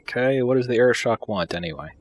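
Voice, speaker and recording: A man's voice: medium pitch, quick pace. A man giving crude, sarcastic, irreverent commentary over a video game playthrough. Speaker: let's play commentator.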